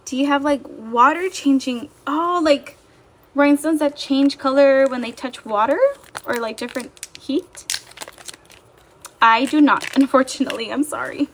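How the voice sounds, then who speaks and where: Her voice sits high and her pace is a little slow, with slight background noise. She's a young livestream seller packing orders, bubbly and talkative, reading out viewers' comments.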